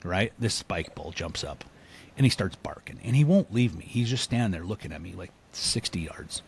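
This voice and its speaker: A man, a podcast guest, telling a story in a casual, animated way, laughing often and acting out what people said. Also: deep voice, normal speed, breathy edge. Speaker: podcast guest, elk hunter.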